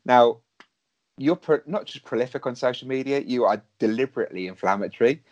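A man's voice: mid-range voice, fairly quick, darkish tone, highs cut off. A man hosting an interview, asking questions in a chatty way and bantering with his guest.

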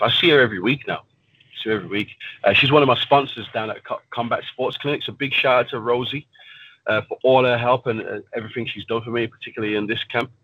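A man's voice: on the low side, highs cut off, a little hiss or hum. A man, a professional fighter, talking casually and bluntly in an interview and swearing freely. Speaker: pro fighter guest.

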